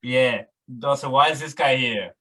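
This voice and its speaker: A man playing a tabletop game in relaxed banter, laughing easily. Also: medium pitch, normal speed. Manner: laid-back and laughing easily. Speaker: player.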